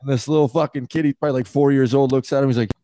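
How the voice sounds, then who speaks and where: A man's voice: medium pitch, steady tone, very fast, mellow, no echo. Rambling, swearing male podcast host. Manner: rambling storyteller, swears freely, laughs often. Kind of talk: casual chat.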